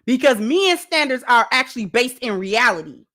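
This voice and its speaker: A woman's voice: a little high, animated, moderate pace, a bit bright. A woman host giving sassy, emphatic reaction commentary on a dating clip and talking straight to her viewers.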